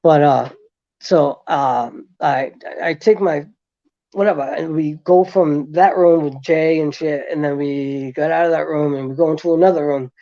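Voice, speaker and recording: A male guest with a fairly high voice rambles through a long story in casual conversation, full of fillers and restarts, growing animated as he recounts events. The recording is muffled but has no echo.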